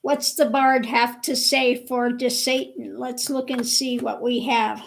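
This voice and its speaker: High-pitched woman chatting slow with her viewers, laughs a lot, voice kinda worn. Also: flat delivery, creaky, poor audio. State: voice a bit worn. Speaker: livestream host. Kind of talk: casual live chat with viewers.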